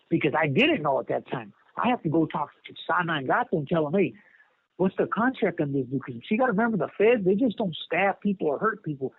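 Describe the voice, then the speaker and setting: A man's voice: on the high side, sing-song, fast talker, breathy edge, no echo. A man telling a story from inside prison over a phone call, rambling in street slang with many repeated words. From California. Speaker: inmate telling his story. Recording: tinny prison phone line.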